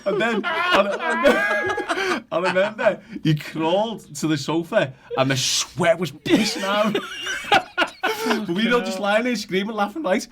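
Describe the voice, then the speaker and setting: A man's voice: sits high, big pitch swings, normal speed, a bit bright, slight background noise. A middle-aged man, a podcast guest telling rambling, sweary anecdotes full of "you know what I mean". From Liverpool, England. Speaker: podcast guest, former goalkeeper. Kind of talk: casual storytelling chat.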